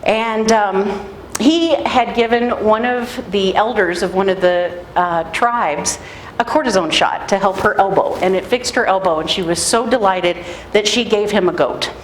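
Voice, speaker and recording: A woman pastor giving a sermon in a conversational, animated storytelling way. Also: medium pitch, unhurried. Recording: echoey room, faint noise.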